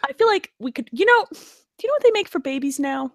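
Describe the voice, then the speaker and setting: A woman's voice: high voice, sing-song, quick pace, no echo, clean studio sound. A woman hosting a podcast, talking in casual, profane, joking chat. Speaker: podcast host.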